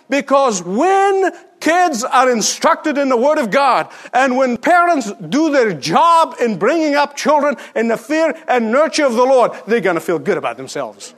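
High-voiced emphatic male preacher. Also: sing-song, unhurried, fairly bright tone. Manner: emphatic preacher, rhetorical questions, repeats for stress. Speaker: pastor. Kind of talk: sermon.

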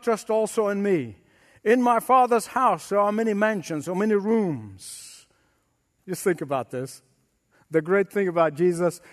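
A man's voice: high voice, big-room sound. A man preaching an emphatic sermon as pastor, acting out quotes.

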